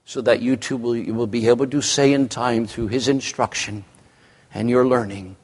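A man preaching an evening sermon to a congregation, with a slow, emphatic delivery. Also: medium pitch, fairly even intonation, a little mellow, husky, in a large hall.

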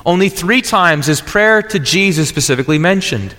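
A man's voice: high voice, animated, moderate pace, bright, forceful tone, big-room sound. A man preaching a sermon as pastor, earnest and explanatory, often restarting phrases.

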